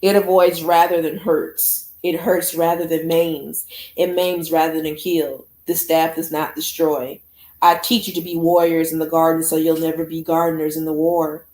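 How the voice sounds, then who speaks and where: A woman's voice: sits low, level tone, moderate pace, a little mellow, natural voice. A woman voicing a stern older female teacher of staff fighting, giving firm, commanding instruction. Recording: echoey room.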